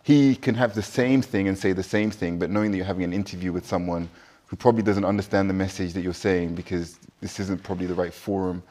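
A man talks fast in a dinner-table debate, his voice a little low. He stumbles and repeats words as he builds his argument. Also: steady tone, darkish tone. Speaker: dinner guest. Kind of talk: casual discussion.

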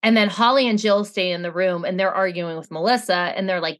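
Middle-aged woman, casual co-host, lively storyteller who curses a lot. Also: lowish voice, brisk. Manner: animated storytelling, swears freely. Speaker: podcast co-host. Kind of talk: casual rewatch chat.

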